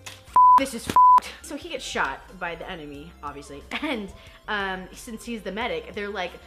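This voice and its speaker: A young woman chatting through a film recap, giggling and playing out the characters' lines herself. Her voice is bright and lively, swinging up and down in pitch. Faint music sits under it. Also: moderate pace. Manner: chatty, giggly, self-deprecating, acts out quotes. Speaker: film reaction host. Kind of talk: casual movie recap chat.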